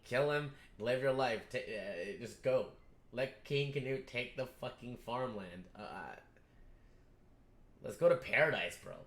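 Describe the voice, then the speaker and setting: A man reacting casually to an anime episode, swearing freely and breaking into excited outbursts at the screen. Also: mid-range voice, a little slow. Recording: roomy echo.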